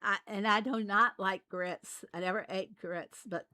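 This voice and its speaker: A woman's voice: mid-range voice, fairly even intonation, a little slow, bright, forceful tone, dry recording, studio quality. A woman from Arkansas with a light Southern US accent, chatting casually as she plays a game and laughing often. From Arkansas, USA. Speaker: game channel host. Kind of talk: casual gameplay commentary.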